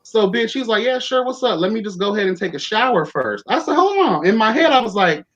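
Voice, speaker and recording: A man's voice: high-pitched, animated, quick pace, a bit bright. A young man casually telling a story on a talk show, campy and sassy, profane, calling everyone child and honey. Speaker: podcast host. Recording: dull lo-fi sound.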